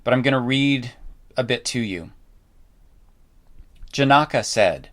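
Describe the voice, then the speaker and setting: A man's voice: mid-range voice, expressive, takes it slowly, pauses often. A man telling a story in a casual, loose way, wandering into asides and dropping in mild swearing. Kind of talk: casual spoken storytelling talk.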